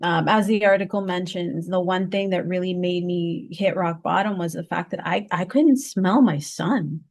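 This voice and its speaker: A woman's voice: normal speed, gravelly. A woman interview guest telling a personal story in conversation, heartfelt, often stopping to restart and repeat words. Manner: heartfelt, lively pitch swings.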